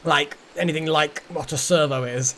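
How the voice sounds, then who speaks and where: A man's voice: fairly high pitch, steady tone, moderate pace, fairly bright tone, slight background noise. A man streaming a game, rambling casually to his chat. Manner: rambling, chatty, talks to chat. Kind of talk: casual gameplay commentary.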